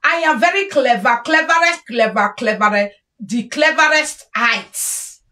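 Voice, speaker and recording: A woman's voice: a little high, unhurried, sharp tone, distant mic. A woman putting on the voice of a vain, boastful woman who praises herself in a singsong, self-adoring way. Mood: smug.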